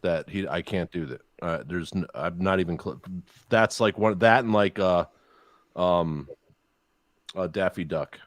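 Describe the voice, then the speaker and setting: A man's voice: low voice, unhurried, no echo. A man hosting a casual chat, telling profane, jokey stories and dropping into voices. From Chicago area. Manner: profane, jokey storyteller who slips into voices. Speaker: podcast host.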